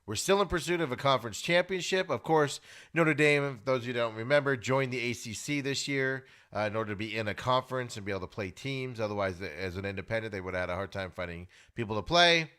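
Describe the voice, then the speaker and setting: A man hosting a sports podcast, giving opinionated casual commentary and getting loud and high when worked up. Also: fast talker, smooth. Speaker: podcast host. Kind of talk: casual sports talk monologue.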